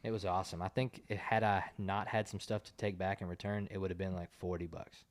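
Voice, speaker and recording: Low-voiced man teasing his co-host. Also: flat delivery, brisk. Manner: teasing, easygoing banter. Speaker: podcast co-host. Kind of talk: casual podcast chat.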